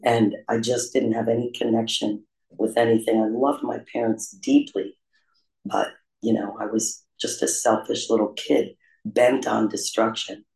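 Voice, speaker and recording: A man candidly telling his own recovery story in a confessional, self-deprecating way, with frequent pauses and "um" fillers. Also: fairly low pitch, little pitch movement, gravelly, a little mellow. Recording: roomy echo.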